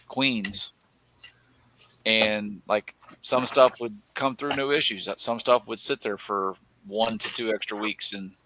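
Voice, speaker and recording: A man's voice: lowish voice, noisy background. A man hosting a casual group chat about collectibles, teasing and joking with the others. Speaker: podcast host.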